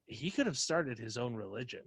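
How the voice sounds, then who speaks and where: A man's voice: mid-range voice, very animated, fairly quick, gravelly, slightly rough, dry recording. A man co-hosting a comedy podcast in casual, rambling, profane chat. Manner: laid-back, profane, rambling. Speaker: podcast co-host.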